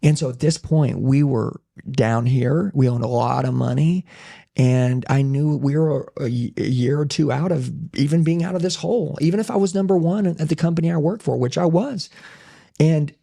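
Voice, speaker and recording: A man's voice: a little high, moderate pace, vocal fry, mellow. A man talking intensely and emphatically in a casual podcast conversation, sharing his story as a business owner. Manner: intense, emphatic, says "dude" a lot.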